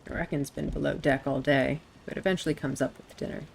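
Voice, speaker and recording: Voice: mid-range voice, steady tone, a little fast, creaky, slight background noise, low-quality recording. A streamer reading a visual novel aloud and voicing its characters, stumbling over words and odd names.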